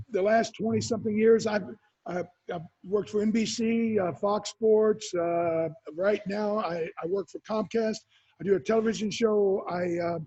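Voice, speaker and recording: Husky high-voiced older guy spinning football stories, dull lo-fi sound. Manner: animated storyteller, acts out quotes. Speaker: retired football player, guest. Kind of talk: storytelling interview answers.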